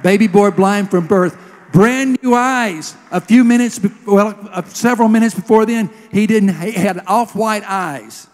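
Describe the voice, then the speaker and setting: A man's voice: high-pitched, unhurried. A man preaching a sermon, telling a healing story with emotion and leading a prayer. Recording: long hall reverb.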